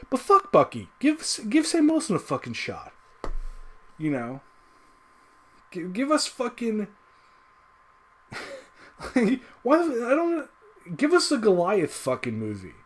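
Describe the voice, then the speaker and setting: A man ranting casually to his audience, swearing constantly, heated and emphatic. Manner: profane, heated, lively swings in pitch. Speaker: video creator. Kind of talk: casual rant to camera.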